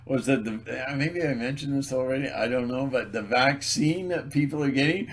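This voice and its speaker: A man in a rambling solo video monologue, sarcastic and mocking, laughing at his own jokes and stumbling over repeated words. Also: mid-range voice. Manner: halting, repeats words and restarts. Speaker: video blogger.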